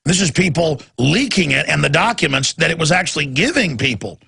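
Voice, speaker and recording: A man's voice: on the high side, lively intonation, fairly quick, bright, forceful tone. A man hosting a talk radio show, ranting through a monologue and acting out the voices he quotes. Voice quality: gravelly, raspy.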